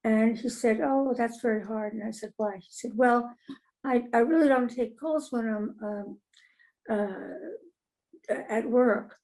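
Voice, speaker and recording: A woman's voice: fairly high pitch, unhurried, a little mellow, poor audio. An older woman, a TV comedy writer, telling stories in conversation, acting out quoted voices and laughing often. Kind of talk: conversational storytelling.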